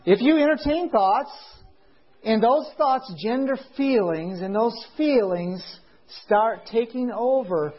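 A man preaching a sermon to a congregation in a meeting. He speaks in slow, emphatic phrases, draws out key words, and keeps asking his listeners rhetorical questions. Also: very high-pitched, expressive, breathy edge. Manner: asks the audience rhetorical questions. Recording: dull lo-fi recording.

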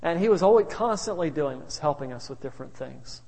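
This pastor's voice is fairly high but darkish, with vocal fry, and he speaks expressively and a little fast. He fills his sermon with humorous stories and chuckling side remarks, heard in a reverberant hall.

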